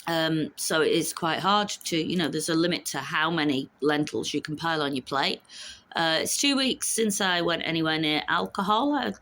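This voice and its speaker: Low-voiced woman in her fifties. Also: normal speed, a bit bright, a little hiss or hum. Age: 50s. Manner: chatty and frank, swears freely. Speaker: vlogger. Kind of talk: casual chat.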